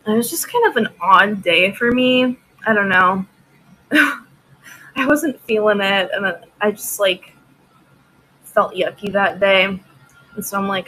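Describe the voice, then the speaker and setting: A woman's voice: medium pitch, a little slow, long pauses, bright, forceful tone, rough recording. A woman hosting a casual live-stream auction, chatting with viewers by name and laughing often.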